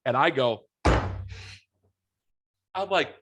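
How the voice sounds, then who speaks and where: A podcast host in his thirties tells a long story at a slow pace, his voice on the high side and the recording dry. He is casual and profane, swearing freely and animatedly acting out what people said.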